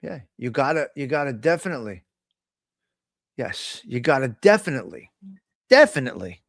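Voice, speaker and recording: A man's voice: mid-range voice, very animated, moderate pace, no echo, clean studio sound. A man hosting a casual live stream, talking bluntly with a lot of profane trash talk. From Italian American. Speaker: host.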